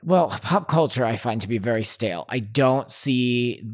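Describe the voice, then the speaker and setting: A man's voice: mid-range voice, expressive, normal speed. Candid, hesitant man as podcast guest. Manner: hesitant, restarts often, candid. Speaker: podcast guest, fellow podcast host. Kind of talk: casual podcast chat.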